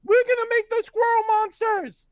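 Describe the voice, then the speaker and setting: A man voicing a gang of shrill, bratty little kids shouting from up a tree. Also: level tone, moderate pace, no echo.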